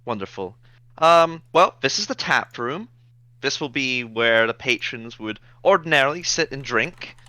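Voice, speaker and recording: A man voicing a polite, slightly wry female innkeeper in a tabletop game, with a bright, clear voice in a dry room. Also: medium pitch, lively intonation, a little slow, no room sound, pitched above the performer's own voice. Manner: politely formal, a little wry.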